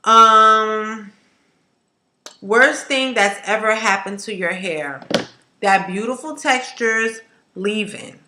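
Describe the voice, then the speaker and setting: A woman hair vlogger chatting to camera in an emphatic, animated way, ranting and repeating herself for effect. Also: medium pitch, slow pace, long pauses, noisy background. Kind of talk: casual to-camera chat. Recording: echoey room.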